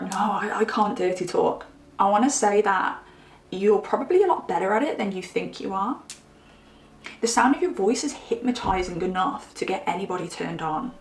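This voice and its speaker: A woman's voice: mid-range voice, darkish tone. A woman giving a chatty pick-a-card tarot reading, musing aloud with frequent asides. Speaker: tarot reader. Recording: roomy echo.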